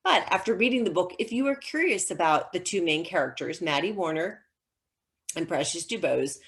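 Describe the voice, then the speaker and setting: A woman's voice: lowish voice, expressive, moderate pace. A middle-aged woman novelist chatting over a video call, telling stories with lots of ums and restarts. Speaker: novelist, guest author. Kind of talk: casual conversational interview.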